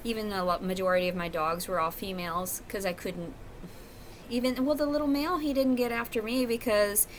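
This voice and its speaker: A woman's voice: medium pitch, fairly even intonation, brisk, slight background noise. A woman talking to camera at home in a rambling, profane, confessional monologue. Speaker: vlogger. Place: at home, indoors.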